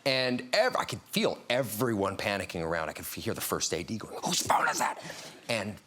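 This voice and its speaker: A man's voice: fairly low pitch, animated, brisk, a bit bright. A man on a talk show telling a funny story, laughing often as he goes. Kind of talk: animated anecdote telling. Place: TV studio.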